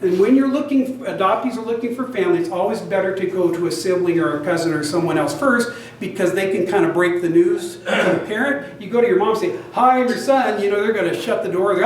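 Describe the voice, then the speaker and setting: An older man telling a lively personal story to an audience, acting out the other people's lines as he goes. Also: high-pitched, a little hiss or hum. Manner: animated, self-described big talker, acts out both sides of dialogue. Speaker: genealogy society presenter. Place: meeting room with an audience. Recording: very echoey room, mic at a distance.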